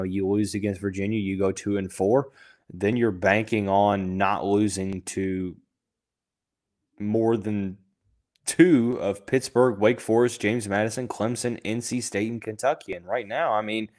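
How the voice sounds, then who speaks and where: A man's voice: low-pitched, a little mellow. A young man hosting a podcast, talking through sports in a casual, thinking-aloud way with lots of fillers and restarts, and he has the hiccups. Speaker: podcast host.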